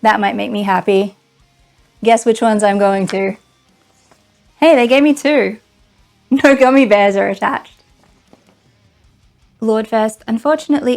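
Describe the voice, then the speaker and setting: A woman's voice: fairly high pitch, gravelly, darkish tone. A woman doing a casual unboxing vlog, sarcastic and exasperated, often laughing. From Australia. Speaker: vlogger.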